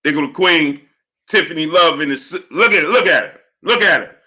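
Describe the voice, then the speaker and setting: A man hosting a live stream, greeting viewers by name and repeating catchphrases in a lively way. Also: a little high, brisk. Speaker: live-stream host reading viewer chat. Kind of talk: casual live-stream chat.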